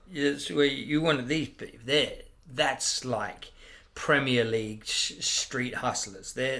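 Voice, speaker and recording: Middle-aged australian guy, gravelly voice, loose and brash, does little voices in his stories. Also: medium pitch, pushed and bright. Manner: brash, swears freely, acts out voices in stories. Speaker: comedian guest. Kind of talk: casual podcast chat.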